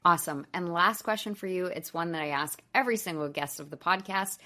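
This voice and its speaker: A woman in her twenties hosting a podcast in casual chat, animated and laughing often as she tells stories. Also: lowish voice, fairly quick. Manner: animated storyteller, laughs often, quotes kids in playful voices. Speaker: podcast host.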